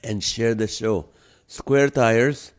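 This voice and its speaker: A man's voice: mid-range voice, slow. A man with an accent hosting a live stream, reading out a comedy list and chatting with viewers, laughing often. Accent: non-native English accent. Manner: jokey, laughs often, greets viewers by name. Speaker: live show host.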